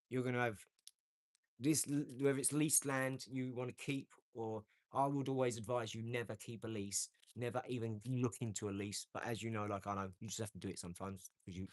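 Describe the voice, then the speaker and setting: A man's voice: fairly low pitch, no echo. A man hosting a casual live stream, giving motivational talk with emphatic, repeated phrases. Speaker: livestream host. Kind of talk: casual motivational livestream chat.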